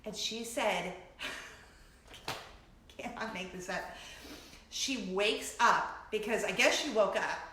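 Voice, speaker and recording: A middle-aged woman hosting a casual chat vlog, telling stories with animated energy, laughing often and acting out shrieks. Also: mid-range voice, takes it slowly, long pauses, echoey room, background noise. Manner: animated storytelling, breaks into laughter, acts out shrieks. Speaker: vlogger host.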